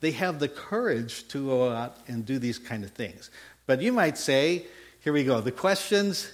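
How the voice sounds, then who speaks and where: A man's voice: mid-range voice, unhurried. A man preaching a sermon, telling a Bible story in a folksy way, acting out the dialogue and checking in with his listeners. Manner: animated storytelling, acts out biblical dialogue; folksy asides and repeated "okay?". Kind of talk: sermon with slides.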